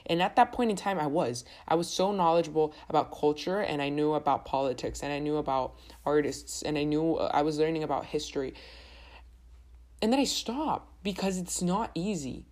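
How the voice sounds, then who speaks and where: A woman's voice: deep voice, normal speed, darkish tone. A young woman hosting her own podcast, chatting casually and rambling with lots of restarts. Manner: rambling, chatty, self-correcting. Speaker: podcast host. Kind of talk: casual solo podcast chat.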